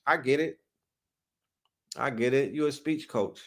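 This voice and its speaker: A man's voice: mid-range voice, lively intonation, normal speed, a bit bright. A man from New York hosting a casual livestream, talking hip hop in loose slang and reacting to comments from chat. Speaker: livestream host.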